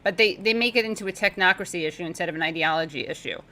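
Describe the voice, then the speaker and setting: A woman guest talking politics in casual chat, sarcastic and talkative, with quick asides. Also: on the low side, pushed and bright, low-quality recording. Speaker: podcast guest.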